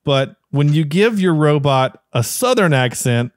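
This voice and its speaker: A man's voice: on the high side, very animated, measured pace, faint music behind. A man hosting a podcast in casual chat, enthusiastic and rambling, with many restarts. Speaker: podcast host.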